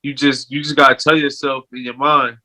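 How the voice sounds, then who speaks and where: A man's voice: medium pitch, level tone, a little fast, a crowd in the background, rough recording. A man co-hosting a podcast, talking in a laid-back, slangy way and repeating phrases in casual chat. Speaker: podcast co-host.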